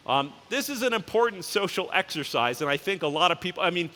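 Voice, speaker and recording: With a voice that sits high and sounds expressive, bright and forceful, this CEO keeps his keynote loose and anecdotal. The large conference hall echoes as he performs each character in a quick voice.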